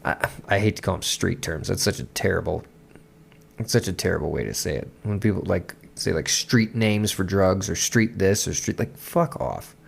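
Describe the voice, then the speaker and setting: A man hosting a podcast, chatting loosely about a song with lots of swearing, restarts and quick laughs. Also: deep voice, creaky, breathy edge. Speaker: podcast host. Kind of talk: casual music commentary.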